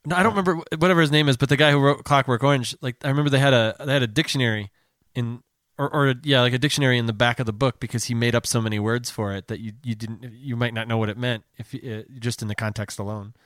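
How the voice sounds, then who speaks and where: A man's voice: mid-range voice, steady tone, fast talker, fairly bright tone, no echo. A man chats loosely on a podcast, trailing off with fillers as he goes. His voice sounds dry and close to the mic. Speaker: podcast co-host. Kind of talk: casual podcast chat.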